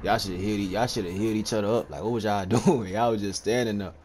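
A young man giving live gameplay commentary, excitable and trash-talking, repeating phrases quickly as he plays. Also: fairly low pitch. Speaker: gaming video creator. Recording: steady clear background noise.

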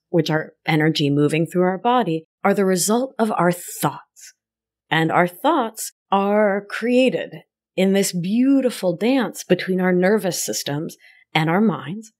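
A woman life coach hosting her podcast, talking in an affectionate, chatty way and often laughing at herself. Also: lowish voice. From Argentina, raised in Rhode Island. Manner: affectionate, calls listener my love, laughs at herself. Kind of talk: warm conversational podcast monologue.

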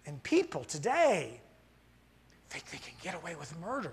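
A man's voice: on the high side, wildly swooping pitch, normal speed, slight background noise. A middle-aged man preaching a sermon as pastor in a church, asking the congregation questions and building to fired-up, impassioned peaks. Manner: asks the congregation rhetorical questions. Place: church sanctuary.

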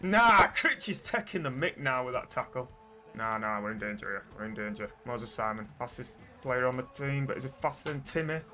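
Excitable gaming commentator. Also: male voice, mid-range voice, a little fast, soft background music. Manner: swings from muttering to yelling at his players. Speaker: gaming streamer.

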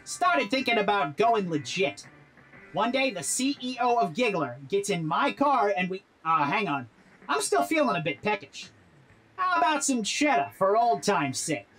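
A slick, scheming robot crook for a game, breezy and self-assured as he spins his schemes. His voice rides up and down with lively, animated swings in pitch. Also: normal speed, faint music behind, poor audio. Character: smooth-talking crooked robot businessman, scheming. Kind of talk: game character dialogue.

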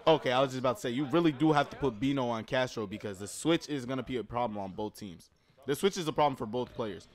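A man reacting to a streetball game, giving casual commentary with slang and sudden loud outbursts. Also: medium pitch. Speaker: reaction streamer commenting on basketball.

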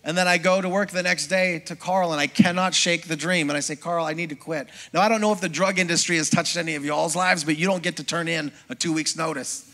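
A middle-aged man, a pastor, preaching a sermon as a lively personal testimony and acting out the voices of people in his story. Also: on the high side, fast, hardly any pauses. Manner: storytelling, acts out quoted voices, conversational with congregation.

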